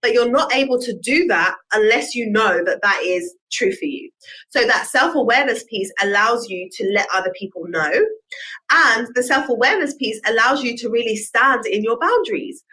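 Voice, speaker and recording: A woman's voice: a little high, sharp tone, poor audio. A woman, hosting a solo podcast in an earnest, reflective way with personal examples. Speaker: podcast host.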